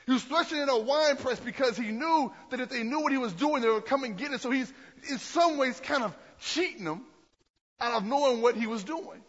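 A high-pitched man with a husky voice preaches a sermon, rambling and conversational, often restarting his sentences. The sound carries a long hall echo and is dull and lo-fi. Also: brisk. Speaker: pastor.

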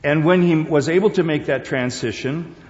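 A man's voice: fairly high pitch, normal speed. Man talking in a reverberant hall. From Korea, Borneo and Singapore. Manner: rambling, conversational, with many fillers and restarts. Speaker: speaker. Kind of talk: informal personal talk. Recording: dull sound with long hall reverb.

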